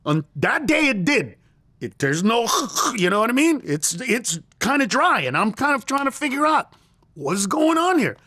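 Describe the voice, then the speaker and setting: A man's voice: extremely high pitch, sing-song, moderate pace, bright, forceful tone, dry recording, clean studio sound. A middle-aged man, a comedian, telling a story in conversation and acting out the lines he quotes. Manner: acts out quoted lines in raised voice, laughs through story. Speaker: comedian guest.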